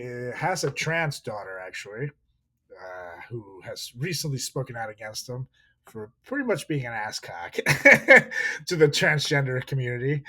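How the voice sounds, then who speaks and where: A man co-hosting a podcast in casual chat, animated and profane, laughing often. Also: a little high. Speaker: podcast co-host.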